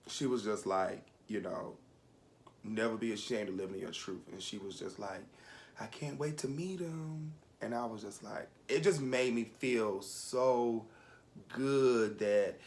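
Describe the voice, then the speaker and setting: A man's voice: lowish voice, fairly bright tone. Emotional young man telling his story. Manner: emotional, rambling, candid. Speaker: storyteller sharing a personal story. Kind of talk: casual chat.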